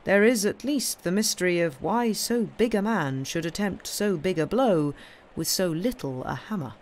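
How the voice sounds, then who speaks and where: A small, unremarkable priest speaks quietly and calmly, in a dull, even voice. A woman puts him on while reading a story aloud. He sounds settled and unhurried. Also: on the low side, a little hiss or hum, lightly acted. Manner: quiet, calm, colourless.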